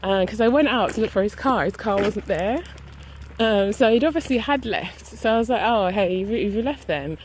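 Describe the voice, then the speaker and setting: A woman's voice: mid-range voice, animated, normal speed, a little hiss or hum, low-quality recording. A woman casually recounting a story to camera, animatedly acting out both sides of an argument. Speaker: vlogger.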